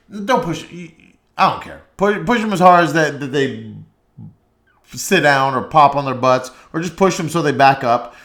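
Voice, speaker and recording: A man's voice: fairly high pitch, expressive, moderate pace, a bit bright. A man hosting a podcast, giving blunt, profane mock parenting advice in a comedic rant with hesitant fillers. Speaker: podcast host. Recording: roomy echo.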